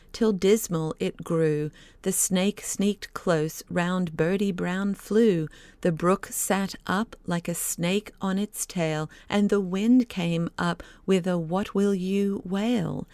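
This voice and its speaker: A woman narrating an audiobook, reciting a children's story poem in a slow, lilting way. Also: on the low side, steady tone, a little mellow, clean tone, no echo.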